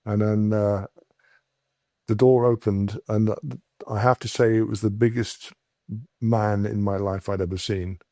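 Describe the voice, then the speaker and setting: Low, mellow English man telling stories. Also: no room sound, clean studio sound. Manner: halting, many restarts and fillers. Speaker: podcast guest. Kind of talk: casual storytelling.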